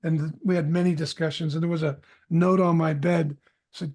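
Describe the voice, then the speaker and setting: A middle-aged man with a fairly high voice tells a personal story as a podcast guest. He is candid and restarts his sentences often. He acts out the dialogue as he tells it. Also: fairly even intonation, fairly quick, vocal fry, darkish tone, slightly rough. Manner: candid, self-correcting storyteller who acts out quoted dialogue.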